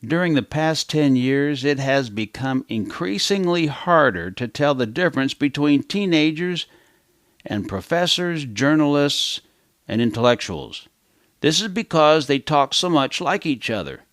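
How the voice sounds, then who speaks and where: A man's voice: mid-range voice, animated, a little slow, fairly bright tone, dry recording. Dry, wry male teacher. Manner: wry, conversational storytelling. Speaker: language teacher. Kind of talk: children's lesson narration.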